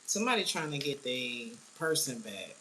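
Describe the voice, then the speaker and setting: A woman's voice: a bass voice, big pitch swings, moderate pace, bright, forceful tone, slight background noise, poor audio. A woman giving a casual tarot reading, blunt and slangy, often laughing. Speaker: tarot reader.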